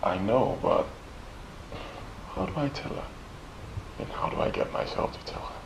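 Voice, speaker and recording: A man's voice: a bass voice, wildly swooping pitch, normal speed, vocal fry, very noisy, heavily acted. An actor playing a married man who hesitates over a secret he keeps from his wife in a film drama. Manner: uneasy, hesitant.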